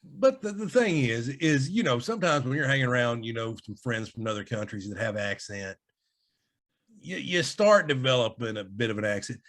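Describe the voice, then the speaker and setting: A man's voice: medium pitch, animated, normal speed, fairly bright tone. A man, co-hosting a podcast in casual chat, rambling and laughing often. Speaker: podcast co-host.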